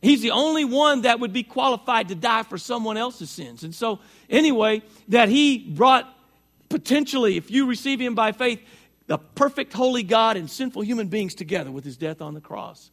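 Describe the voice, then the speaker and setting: A high-pitched middle-aged man delivers a sermon as pastor, his voice strained by allergies. He preaches in a folksy, chatty way and talks back and forth with the congregation. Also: lively intonation, normal speed, a bit bright.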